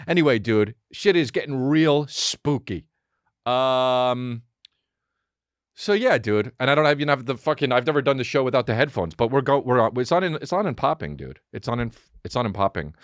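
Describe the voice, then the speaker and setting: A man's voice: mid-range voice, normal speed, no echo, studio quality. A man in his thirties hosting a podcast, telling rambling, profane stories in a casual comedic monologue. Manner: rambling, profane, animated storytelling. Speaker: podcast host.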